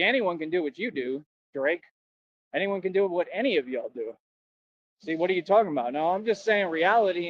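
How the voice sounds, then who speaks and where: A man's voice: sits high, dry recording. A young man, a former bouncer, boasting and ranting in slangy, combative talk on a livestream. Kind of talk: rambling livestream rant. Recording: dull lo-fi dry stream audio.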